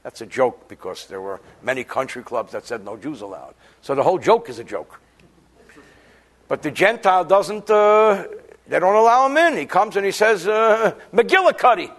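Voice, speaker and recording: A rabbi with a high, expressive voice delivers a chatty daily lesson on Jewish law at a normal pace. He cracks jokes and explains Hebrew passages, weaving Hebrew terms into his explanations.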